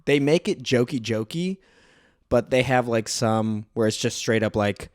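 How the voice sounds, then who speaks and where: A man's voice: medium pitch, measured pace, dry recording. A laid-back man rambles through a casual podcast chat, full of filler words. His voice sits in an ordinary middle register. It is recorded dry and close, with no room sound. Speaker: podcast host.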